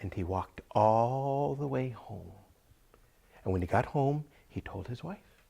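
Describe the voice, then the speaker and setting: Slow, gravelly-voiced male storyteller. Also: medium pitch, lively intonation, dark tone. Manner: drawn-out, repetitive, dips into whispers. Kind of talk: oral folk-tale telling.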